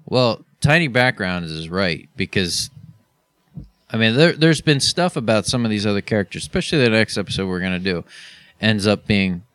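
A man's voice: on the low side, moderate pace, no room sound, studio quality. A man co-hosting a podcast, chatting casually and laughing often. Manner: laughs often, relaxed banter. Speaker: podcast co-host. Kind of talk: casual chat.

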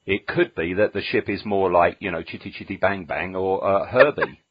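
A man's voice: low voice, moderate pace, husky, no room sound, lo-fi sound. A man hosting a casual podcast chat, musing aloud with dry jokes and many fillers. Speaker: podcast host.

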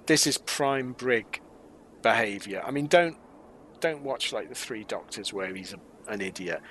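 A middle-aged man, talking casually as a co-host in a fan discussion, animated and quick with asides. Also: on the low side, slight background noise. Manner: animated, quick asides, quotes scenes in put-on voices. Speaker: podcast co-host.

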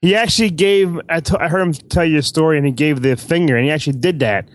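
A man co-hosting a podcast, recalling a convention in casual chat, quick to agree. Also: on the high side. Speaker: podcast co-host.

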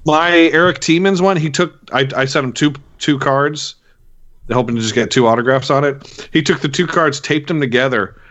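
A man's voice: mid-range voice, a bit bright, lo-fi sound. Enthusiastic male fan co-host. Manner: enthusiastic, rambling fan recalling collectibles. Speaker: podcast co-host. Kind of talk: casual chat.

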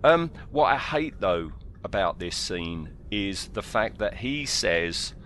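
A man's voice: deep voice, slow, a little hiss or hum. A man co-hosting a casual film podcast, opinionated and emphatic, repeating his points. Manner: opinionated, animated, with emphatic repetition. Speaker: podcast co-host.

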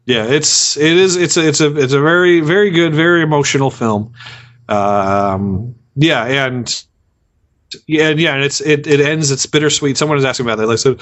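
Halting man on lo-fi podcast audio. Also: on the high side, a bit bright. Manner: halting, many restarts. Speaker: podcast co-host, movie reviewer. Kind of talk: casual chat. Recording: dull lo-fi audio.

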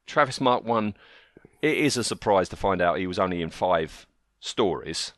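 A man's voice: low-pitched, expressive, normal speed, a bit bright, no room sound. Enthusiastic man, dry close sound. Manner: enthusiastic, recaps the plot, hesitant fillers. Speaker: podcast host. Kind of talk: casual fan discussion.

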